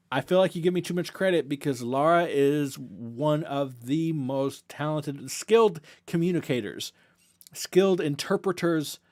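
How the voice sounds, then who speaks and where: In a mid-range, darkish voice, a young man from the US South with a Southern accent answers viewers during a relaxed livestream Q&A for his reaction channel. His talk wanders, he keeps correcting himself, and he comes across as sincere and appreciative.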